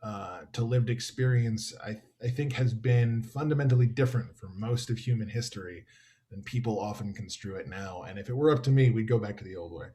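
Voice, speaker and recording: A man's voice: fairly low pitch, a little fast, mellow. A man author speaking conversationally over a video call, thoughtful and expansive with wry asides.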